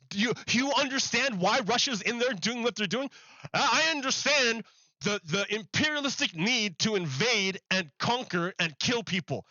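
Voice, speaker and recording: A man's voice: high-pitched, lively intonation, moderate pace, pushed and bright, no room sound, highs cut off. A man hosting a stream, giving profane, sarcastic, heated commentary on clips. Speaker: streamer host. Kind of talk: ranting commentary over clips.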